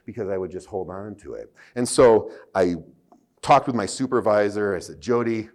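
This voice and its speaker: A man's voice: lowish voice, moderate pace, darkish tone. A man giving a workshop to clinicians, mixing teaching with joking, self-deprecating personal stories and frequent restarts. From United States. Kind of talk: lecture with personal storytelling.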